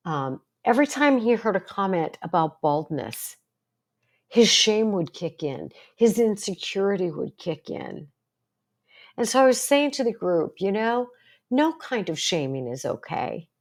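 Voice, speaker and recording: A woman's voice: mid-range voice, very animated, a little slow. An older woman talking to camera as a psychologist, earnest and storytelling, with plenty of rhetorical questions. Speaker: psychologist and support group host. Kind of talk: casual talk to camera.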